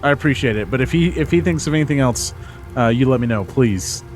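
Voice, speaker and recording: A man playing a detective at a tabletop game, smooth-talking and easygoing. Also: medium pitch, brisk, faint music behind. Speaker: player.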